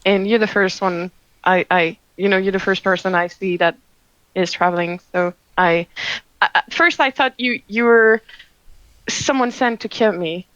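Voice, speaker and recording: A woman voicing a kind humanoid hermit woman who speaks gently and reassuringly. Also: mid-range voice, normal speed, clear, resonant tone, no echo, lo-fi sound, natural voice. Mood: earnest.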